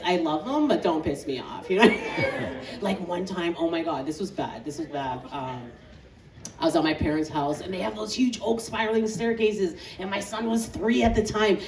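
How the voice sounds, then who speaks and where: A woman in her thirties from Canada doing a stand-up comedy set on an outdoor stage, animated and laughing through her punchlines. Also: mid-range voice, normal speed. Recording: echoey outdoor set from a distance, crowd laughter.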